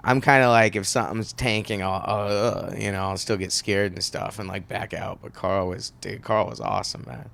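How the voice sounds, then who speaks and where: A man's voice: on the low side, creaky, fairly bright tone, slight background noise. A man, a comedian and actor, chatting loosely on a podcast, swearing and laughing often. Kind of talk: casual podcast chat.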